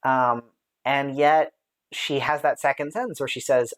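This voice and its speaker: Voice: mid-range voice, steady tone, measured pace. Chatty, rambling Bible study leader. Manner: chatty, thinks aloud with many fillers and light laughs; reads out viewer comments and responds to them. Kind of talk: casual live-stream Bible study discussion.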